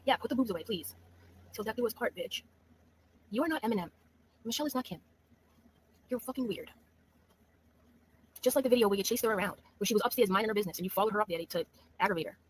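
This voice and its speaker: A woman's voice: medium pitch, animated, quick pace, pauses often, slight background noise, low-quality recording. A woman streamer delivering scornful, profane commentary, taunting a rival with mock sympathy. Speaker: YouTube streamer. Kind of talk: mocking livestream commentary.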